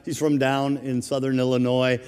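Middle-aged guy pastor giving a sermon, animated storyteller, long echo off a big hall. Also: medium pitch, moderate pace, clean tone. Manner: storytelling, animated, chuckles through anecdotes. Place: church sanctuary.

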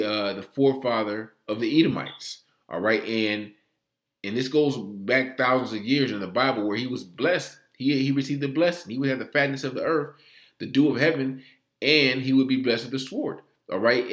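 A man delivers a sermon-style teaching in an ordinary middle-pitched voice. He leans on "all right" after almost every phrase. He often stumbles and restarts mid-word as he talks. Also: roomy sound. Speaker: religious teacher. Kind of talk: preaching with scripture reading.

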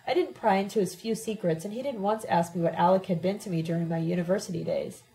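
Woman reading a first-person story aloud, steady and plain, mellow warm tone. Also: medium pitch, fast talker, rough recording. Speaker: audiobook reader. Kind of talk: first-person audiobook narration.

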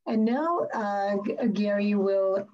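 A woman's voice: mid-range voice, takes it slowly. A woman poet hosting a reading over a video call, chatty and laughing, often repeating words before she reads a poem aloud. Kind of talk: casual poetry reading. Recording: dull lo-fi video call audio.

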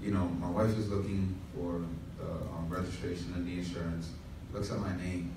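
A man's voice: sits low, level tone, normal speed, noisy background. A man pastor telling a humorous story in a sermon, with asides to the congregation. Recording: echoey room from far off.

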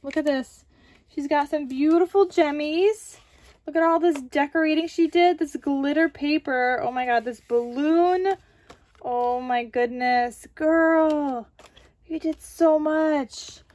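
A woman's voice: high voice, slow pace, a little mellow. A woman hosting a crafting vlog, gushing and exclaiming often as she unboxes supplies. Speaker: crafting channel host.

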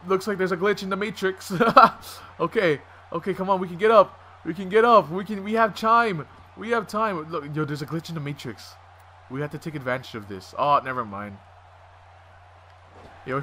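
A man commentates on his own video game match with excitable energy, swearing freely and yelling at the screen. His voice is bright and sits a little high. Faint background noise runs under the recording. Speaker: gaming commentator. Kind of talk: excited let's-play commentary.

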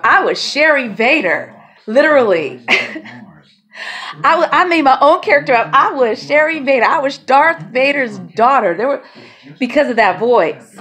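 A woman rambling to her camera in a casual vlog, her voice sitting a little on the high side. She is chatty, laughs a lot between thoughts and swears without a second thought. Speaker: vlogger.

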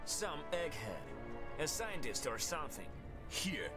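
Russian-accented enemy trooper, dismissive grumble, slightly raised lively pitch; distant under loud music. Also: male voice, unhurried. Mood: grumbling. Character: gruff Russian-accented enemy soldier on patrol. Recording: quiet distant game audio under music.

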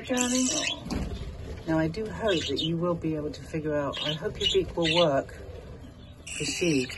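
A woman's voice: fairly low pitch, very noisy. A woman who breeds budgies, chatting casually in her aviary and cooing fondly to the birds. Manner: coos affectionately to her birds. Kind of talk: casual vlog narration. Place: outdoor aviary with chirping budgies. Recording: loud bird chatter behind. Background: loud budgie chirping.

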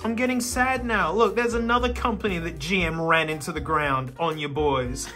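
An excitable Australian man talks casually, laughing often, with a very lively, up-and-down voice. His tone is bright and forceful. There is faint music playing behind him. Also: sits high, measured pace. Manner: laughing, excitable, jokey asides. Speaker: YouTube host. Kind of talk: casual commentary while flipping through an old car magazine.

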